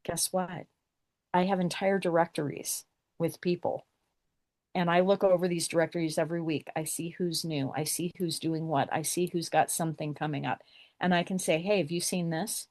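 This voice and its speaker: A woman's voice: deep voice, darkish tone, no echo, clean studio sound. A middle-aged woman telling a personal story as a podcast guest, acting out the exchanges she recounts.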